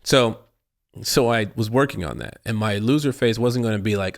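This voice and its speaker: Animated man telling a story. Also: fairly low pitch, fairly quick. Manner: animated storyteller who acts out his own reactions; rambling with frequent restarts and laughs. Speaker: actor and guest. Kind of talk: casual interview conversation.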